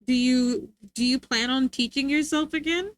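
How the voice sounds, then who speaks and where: A woman's voice: high voice, moderate pace. A young woman livestreamer chatting casually with her viewers, rambling and often giggling.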